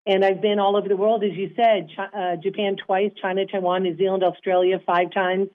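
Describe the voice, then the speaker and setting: A woman guest talking about her sport in a measured, upbeat, earnest way. Her voice sits at a middle pitch. She comes through a thin, phone-like line. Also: little pitch movement. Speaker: guest, former softball player. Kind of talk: interview answers.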